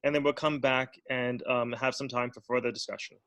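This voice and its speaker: A man's voice: mid-range voice, fairly even intonation, a little fast, fairly bright tone, dry recording. A man moderating an online discussion casually, with a loose, friendly delivery and lots of fillers. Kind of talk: casual hosting. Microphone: video call.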